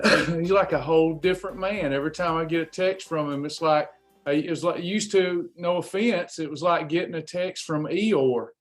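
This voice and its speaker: A man's voice: fairly high pitch, normal speed, soft background music. A man coaching weight loss on a live stream, chatting casually and greeting viewers by name in an upbeat, folksy way.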